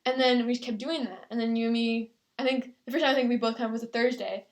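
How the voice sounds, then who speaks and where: A young woman with a fairly high voice, talking fast as she tells a story on a casual podcast. She chats freely and often acts out what other people said. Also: fairly even intonation. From Canada. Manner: chatty storytelling, quoting others. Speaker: podcast co-host. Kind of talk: casual chat.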